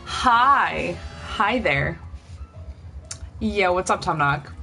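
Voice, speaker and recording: A woman's voice: on the low side, animated, drawn-out words, vocal fry, bright, forceful tone. A young woman chats loosely with her livestream viewers at home, rambling from one thought to the next. Her nose is stuffed up and her breathing is heavy. Faint music plays in the background. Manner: chatty, rambling, addresses chat directly. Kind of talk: casual livestream chat.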